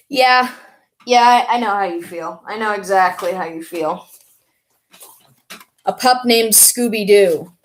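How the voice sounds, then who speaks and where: A woman chatting casually on a live stream, reading viewer comments and reacting with excitable, frequent laughter. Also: medium pitch, slow, long pauses.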